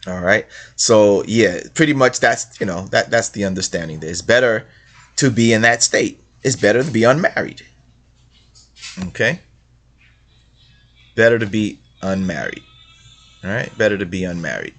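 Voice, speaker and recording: A man with a fairly low voice gives casual commentary on religious texts. He keeps repeating his main point and throws in questions like "right?". He reads passages aloud between his remarks. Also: lively intonation, moderate pace, pauses often, fairly bright tone. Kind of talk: casual screen-share commentary.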